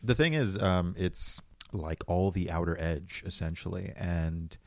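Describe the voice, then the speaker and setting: Male co-host, low voice, thoughtful and sincere, dry close mic. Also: measured pace, creaky, darkish tone, no echo. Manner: earnest and reflective, often laughing. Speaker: podcast co-host. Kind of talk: casual chat.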